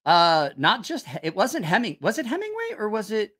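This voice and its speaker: A man's voice: sits high, wildly swooping pitch, moderate pace, sharp tone. A man hosting a casual live stream who rambles, swears freely and loses his train of thought. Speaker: knife channel livestream host. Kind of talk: casual livestream chat.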